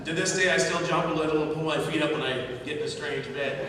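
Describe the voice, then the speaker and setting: A middle-aged man giving a memorial tribute, telling family anecdotes with gentle humor. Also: fairly high pitch, steady tone, fast. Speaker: eulogist. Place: large hall at a memorial service. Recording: echoey hall from far off, noisy.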